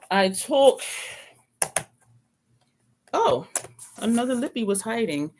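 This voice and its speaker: A beauty vlogger talks through their makeup in a loose, chatty way, often stopping to correct a product name. The voice sits at a middle pitch, and playful asides and small laughs come up now and then. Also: gravelly. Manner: chatty, rambling product rundown with self-corrections. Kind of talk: casual makeup review chat.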